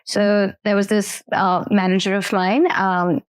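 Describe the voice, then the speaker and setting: A woman with an Indian accent in a relaxed podcast conversation. She speaks earnestly and states her views plainly and firmly. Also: medium pitch, measured pace, clean tone. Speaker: podcast guest, entrepreneur. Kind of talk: casual podcast chat.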